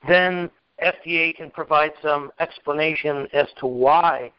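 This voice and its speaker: A man's voice: a little high, measured pace, smooth, no echo, highs cut off. A man explaining regulatory matters carefully in casual chat, with many fillers and restarts. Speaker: regulatory expert host.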